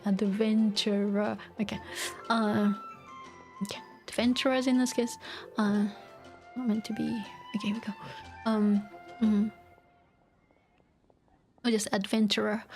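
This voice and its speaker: During a live-streamed gaming lesson, a woman teaches a language while playing a video game, thinking aloud and explaining step by step with lots of fillers. Her voice is a little high with a darkish tone.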